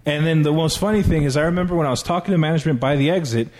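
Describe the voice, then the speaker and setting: Profane storytelling man, higher voice. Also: racing. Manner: profane, animated storytelling with acted quotes. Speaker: comedian telling a story. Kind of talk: casual podcast chat.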